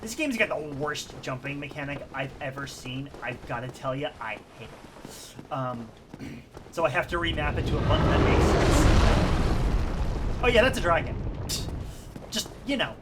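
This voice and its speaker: A woman's voice: low voice, very animated, a little slow, heavy background noise. A woman streamer giving rambling, self-deprecating commentary while she plays a game, laughing often. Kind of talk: casual let's-play commentary.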